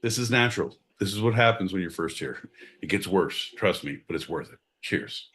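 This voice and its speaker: Brash, bright-toned man. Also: sits low, lively intonation, moderate pace. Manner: rowdy, profane, mock-announcer outbursts. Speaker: podcast co-host. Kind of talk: casual chat.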